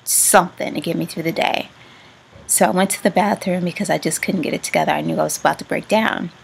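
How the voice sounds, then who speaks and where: Woman vlogging a personal story, gravelly low voice, halting, lots of restarts, trails off into whispers. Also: a little hiss or hum, low-quality recording. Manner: halting, with many restarts and fillers; words often trail off into a soft whisper.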